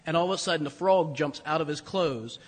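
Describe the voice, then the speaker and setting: Male preacher, high voice, chatty self-deprecating sermon, long hall reverb. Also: a little fast. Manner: storytelling, conversational, self-deprecating with chuckles.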